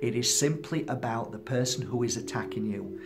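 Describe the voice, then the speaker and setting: A man gives an impassioned motivational talk, preaching with firm emphasis at a mid pitch. His voice sits neither high nor low. Music plays clearly behind him. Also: normal speed. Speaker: spiritual healer and teacher.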